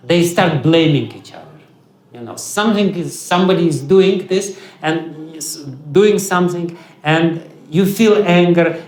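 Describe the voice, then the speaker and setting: A man with a Russian accent giving a spiritual lecture, halting often with fillers and restarts. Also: high voice, darkish tone. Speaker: spiritual teacher. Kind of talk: lecture on scripture. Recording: echoey hall.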